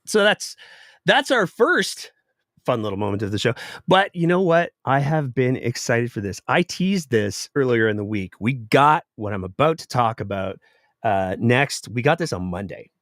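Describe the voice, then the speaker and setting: A man hosting a live political commentary show, sarcastic and animated. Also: mid-range voice, normal speed, no echo, studio quality. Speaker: political podcast host.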